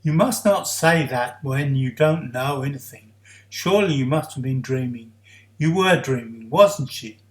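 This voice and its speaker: A man voicing a gentle wartime mother who soothes her frightened child in a soft, reassuring way. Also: mid-range voice, animated, a little slow, lightly acted. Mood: firm. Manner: soft, reassuring, then firm. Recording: roomy echo.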